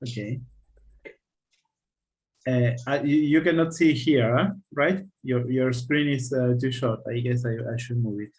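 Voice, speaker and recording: A man with a Spanish accent leads an online English lesson, his voice sitting at an ordinary middle pitch. He talks haltingly, stopping for fillers and restarts and checking in with his students as he goes, and he comes through a video call. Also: darkish tone, low-quality recording. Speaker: English teacher.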